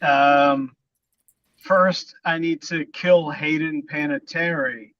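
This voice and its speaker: A man improvising a comedy scene in a halting, hesitant, deadpan way. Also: on the high side, no room sound, muffled recording. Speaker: improv player.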